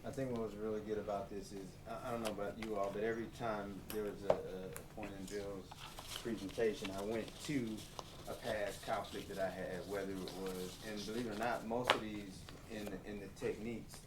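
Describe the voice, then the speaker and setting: A lower-voiced man shares quick, earnest feedback as a workshop participant. He is heard from a distance in a reverberant room, with steady background noise. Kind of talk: reflective group feedback.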